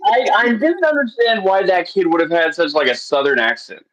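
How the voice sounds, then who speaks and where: A man co-hosting a podcast, dropping brief, relaxed comments in casual movie chat. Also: high voice, moderate pace. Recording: dull lo-fi sound.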